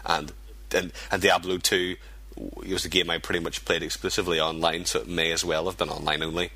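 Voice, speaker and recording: A man's voice: low voice, level tone, a little fast, gravelly, pushed and bright, slightly rough, no room sound. A man co-hosting a podcast, chatting casually in a rambling way. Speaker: podcast co-host. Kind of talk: casual chat.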